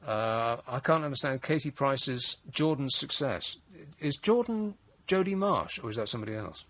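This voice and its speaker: A man's voice: mid-range voice, sing-song, normal speed, a bit bright. A man hosting a late-night radio phone-in, wry and exasperated, rambling with frequent restarts. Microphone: studio mic.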